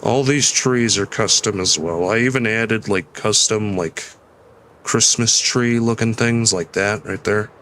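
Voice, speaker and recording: A man's voice: on the low side, a little slow, fairly bright tone, a little hiss or hum. A tired young man mumbling and rambling through casual gameplay commentary, with a nasal voice. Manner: mumbling, rambling, self-deprecating. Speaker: streamer.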